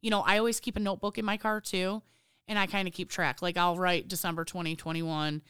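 Bright, swearing woman chatting. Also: on the low side, fast talker, smooth, no room sound, studio quality. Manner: animated, swears freely. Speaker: guest merchandiser. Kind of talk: casual chat.

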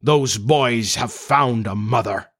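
A man's voice: medium pitch, unhurried, fairly bright tone. A man voicing a commanding, melancholy male pirate captain in a storybook reading. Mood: brooding.

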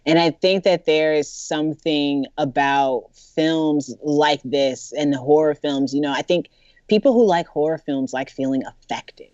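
A woman chatting casually about a film, expressive and full of "like". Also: low voice, measured pace, dry recording, lo-fi sound. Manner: expressive, lots of "like", rising tone. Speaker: podcast co-host.

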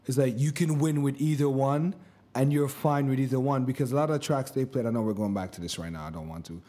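A man co-hosting a laid-back podcast, his voice mellow and dark. He tells lively stories and slips into the voices of the people he quotes. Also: mid-range voice, quick pace. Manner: animated storyteller, acts out quotes. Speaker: podcast co-host. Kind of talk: casual podcast chat.

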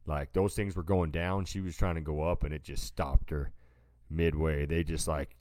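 A man's voice: extremely low pitch, steady tone, normal speed, a little mellow, no echo, clean studio sound. A man co-hosting a podcast, casually telling a rambling story and calling his listener "dude" a lot. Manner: laid-back, rambling, says "dude" a lot. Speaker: podcast co-host.

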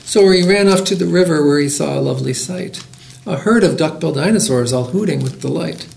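A middle-aged man hosting a library podcast, reading a picture book aloud with lively voiced characters. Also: a little high, brisk, gravelly, echoey room.

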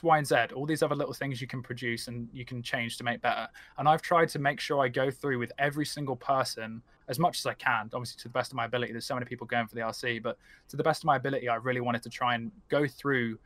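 A man talking as a podcast guest, chatty and quick, leaning on fillers like "like" and "you know". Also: mid-range voice, a bit bright, no room sound. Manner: chatty, fast, heavy on fillers. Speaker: podcast guest, team stream lead. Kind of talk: casual podcast chat.

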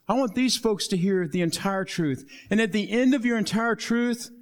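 A male pastor preaching a sermon, acting out Bible dialogue and dropping to soft low tones for emphasis.

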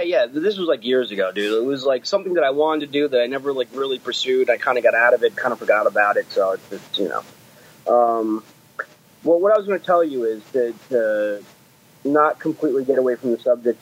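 A man hosting a podcast in casual, animated, rambling chat, swearing freely. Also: medium pitch, fast talker, muffled recording. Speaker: podcast host.

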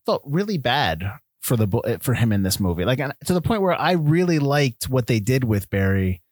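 A man's voice: mid-range voice, sing-song, moderate pace, darkish tone, dry recording, studio quality. A man co-hosting a casual movie chat, rambling with many restarts and acting out lines from the film. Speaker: podcast host.

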